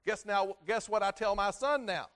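A middle-aged man preaching a sermon as pastor, halting and repeating words, rising loud for emphasis and dropping low at phrase ends.

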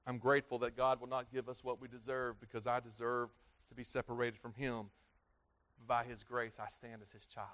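A man's voice: mid-range voice, level tone, moderate pace, pauses often, fairly bright tone. A man in his thirties, a pastor preaching a sermon with earnest, repetitive emphasis that swells and falls. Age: 30s.

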